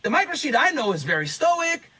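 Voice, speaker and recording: A man's voice: very high voice, sing-song, brisk, bright, forceful tone. A man hosting a live stream, retelling an exchange of messages in a profane, incredulous, storytelling way. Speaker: streamer reacting to clips.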